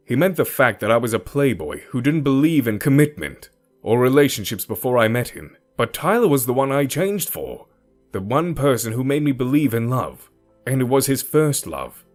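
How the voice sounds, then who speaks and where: A man narrating a first-person romance story in an expressive storytelling manner. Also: medium pitch. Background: faint music.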